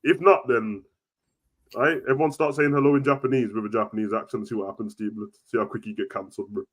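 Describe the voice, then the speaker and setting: A young man chatting casually about football, slangy and animated. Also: on the low side. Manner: slangy, animated, quick banter. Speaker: football podcast co-host. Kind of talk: casual chat.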